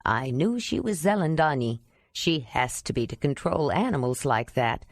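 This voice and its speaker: A woman's voice: sits low, expressive, normal speed, no room sound. A woman reading as a wondering cave leader. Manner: exclaiming, wondering.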